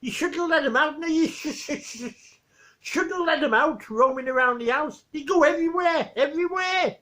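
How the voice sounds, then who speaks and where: A man's voice: very high voice, moderate pace, pitched above the performer's own voice. A man voicing a cheerful, chatty Geordie man who repeats himself and laughs as he talks. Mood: excited. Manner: excitable, repeats himself, laughs mid-sentence.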